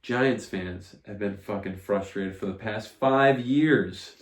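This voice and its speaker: A young man co-hosting a casual sports podcast, opinionated and animated, who swears freely. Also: on the low side, slow. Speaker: podcast co-host. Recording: roomy echo.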